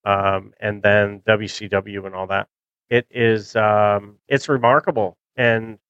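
Rambling middle-aged podcast host, smooth voice. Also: male voice, fairly low pitch, little pitch movement, slow pace, a bit bright, no echo, muffled recording. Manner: rambling, nostalgic, with frequent fillers. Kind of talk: casual chat.

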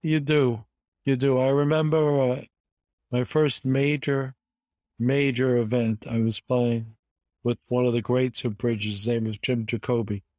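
A man in his seventies from the United States, a guest telling animated stories with emphatic repetition in an interview. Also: mid-range voice, unhurried, dry recording. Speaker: guest, bridge champion. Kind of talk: conversational storytelling interview.

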